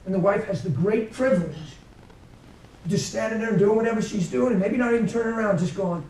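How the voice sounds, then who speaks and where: Speaking fairly quickly in a high, darkish voice, a man delivers a conversational sermon full of stories and acted-out quotes. The recording comes from far off in an echoey church meeting room, with faint background noise.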